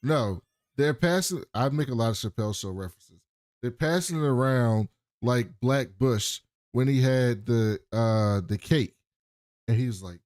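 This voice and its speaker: A man at a mid pitch co-hosts a casual TV recap podcast. He retells scenes animatedly, slipping into the characters' voices and swearing freely. The sound is dry and close to the mic. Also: a little slow, darkish tone, no room sound. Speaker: podcast co-host.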